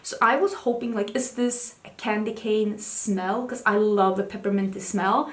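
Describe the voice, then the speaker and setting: A woman's voice: mid-range voice, steady tone, moderate pace, echoey room. A woman beauty vlogger talking casually about new makeup, chatty and full of fillers, with wry little asides. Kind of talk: casual chat reviewing makeup. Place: room at home with a cat.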